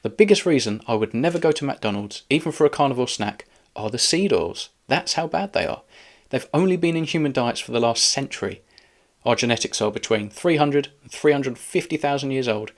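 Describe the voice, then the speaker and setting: A man's voice: medium pitch, lively intonation, a little fast. A man hosting a reaction video, arguing back sarcastically at a clip. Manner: sarcastic, argumentative. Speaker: channel host reacting to a clip. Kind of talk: reaction commentary.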